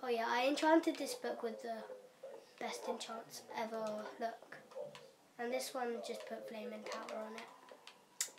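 Young woman gaming vlogger, high bright voice, chatty and rushed, slips into whispered asides. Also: steady tone, noisy background. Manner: chatty and hurried, with fillers and quiet whispered asides. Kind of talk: casual game walkthrough. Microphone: camera mic.

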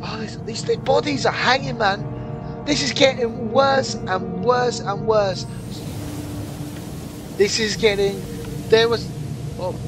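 High-voiced jumpy man gaming. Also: fairly even intonation, slow, long pauses, rough recording. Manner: jumpy, panicky, rambling to viewers. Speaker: gaming video host. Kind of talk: horror game let's play commentary. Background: game music.

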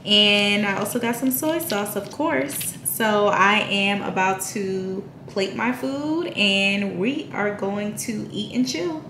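A woman's voice: mid-range voice, takes it slowly, few pauses, reverberant, noisy background. A young woman chatting casually to camera in a home vlog, playful and full of slang. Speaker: vlogger. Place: at home, indoors.

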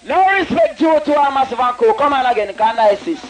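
A man's voice: extremely high pitch, expressive, a little fast, slight background noise. A man with a Jamaican accent toasting live at a dancehall session, chanting rhymes in patois and talking to the sound man between verses. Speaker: dancehall deejay. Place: outdoor dance event. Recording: distant live mic with sound system music.

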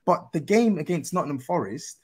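A man's voice: fairly high pitch, lively intonation, brisk, breathy edge. A man, a football podcast panelist talking earnestly and working himself up into exasperated points. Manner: earnest, building to exasperated rants. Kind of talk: casual chat.

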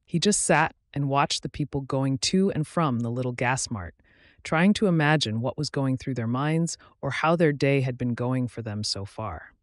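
A man narrating his own story like an audiobook, reading at a measured, steady pace. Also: mid-range voice, no echo, studio quality.

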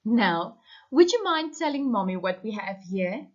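A woman's voice: mid-range voice, sing-song, unhurried. A woman voicing a sentimental, doting mother who talks in a sing-song way in a story reading. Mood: tender. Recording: muffled lo-fi recording.

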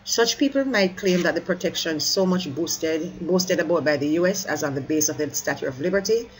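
Exam-prep teacher voice, middle pitch, methodical line-by-line talk with quick "sorry" corrections, over a faint background hiss. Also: low-quality recording. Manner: stops to correct slips, apologizing mid-sentence; urges listeners to keep up. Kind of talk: explaining a poem line by line.

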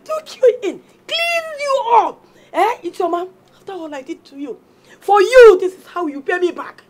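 A woman's voice: very high-pitched, fairly quick, darkish tone. An actress with a Nigerian accent playing a bitter aunt who shrilly accuses her ward of betrayal. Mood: accusing. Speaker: angry aunt.

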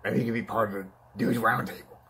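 A man's voice: fairly low pitch, fairly even intonation, fast, pushed and bright, a little hiss or hum. A man voicing a boastful, whiny male clown villain in a toy-figure fan play, pleading and taunting by turns and yelping in pain.

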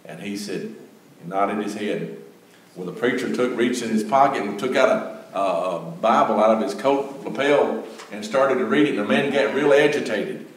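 Older guy, low voice, folksy church story, echoey room, mic kinda far. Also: moderate pace. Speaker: Gideons speaker. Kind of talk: church testimony. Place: church sanctuary.

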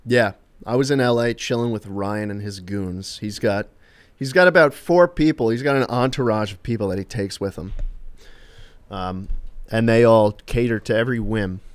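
A man's voice: lowish voice, normal speed. Man rambling through a funny story. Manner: rambling, amused, uses fillers and swears. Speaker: streamer and co-host. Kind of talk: casual storytelling chat on a live stream.

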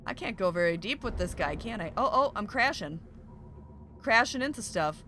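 A young woman hosting a game playthrough, commenting excitedly and often gasping "oh my gosh" at what she finds. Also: medium pitch, moderate pace, slight background noise. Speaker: gaming video host. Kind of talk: excited let's-play commentary.

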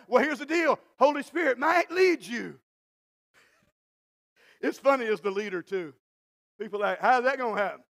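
Male preacher, very high and gravelly, folksy, shouts then drops low. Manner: swings from quiet asides to shouted exhortation; folksy, acts out Bible scenes in dialogue. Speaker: pastor. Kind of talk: sermon. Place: church.

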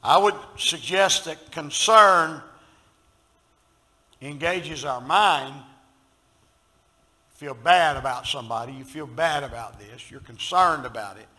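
A man with a Southern US accent preaching a sermon as pastor, swinging from loud emphasis to hushed storytelling and calling on the congregation to respond. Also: fairly high pitch, takes it slowly, long pauses, rough recording.

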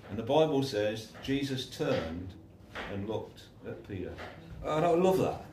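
A man's voice: medium pitch, very animated, measured pace, noisy background. A man preaching an informal sermon, telling stories and acting out the voices of the people in them. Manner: chatty, acts out the voices in his stories. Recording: echoey room, voice from a distance.

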